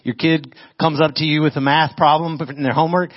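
Brisk and steady in tone, a pastor with a voice on the high side preaches almost without pausing. He keeps the sermon conversational by questioning his audience, heard through dull lo-fi audio.

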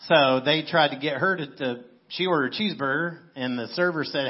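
A man's voice: medium pitch, fairly quick, few pauses, slightly rough, highs cut off. A man preaching a sermon in a church on a microphone, talking in a conversational way with playful storytelling asides. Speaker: pastor. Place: church sanctuary. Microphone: handheld microphone.

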